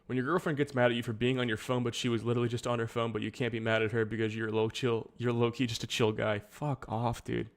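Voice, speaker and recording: Talking quickly with few pauses, a streamer with a Nova Scotian accent reacts to videos in a flat, mid-range voice. His live-stream chatter is loose and rambling, peppered with fillers and casual cursing.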